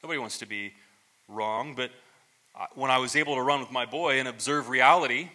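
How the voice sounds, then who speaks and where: Bright-voiced man preaching casually. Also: mid-range voice, fairly quick. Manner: relaxed storytelling, many restarts and asides; self-deprecating humor. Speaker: pastor. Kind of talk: conversational sermon.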